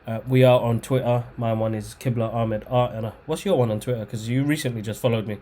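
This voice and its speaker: A man's voice: medium pitch, steady tone, fast talker, warm tone. A man hosting a podcast, laid-back and casual, giving short replies and plugging the show's social media. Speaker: podcast host.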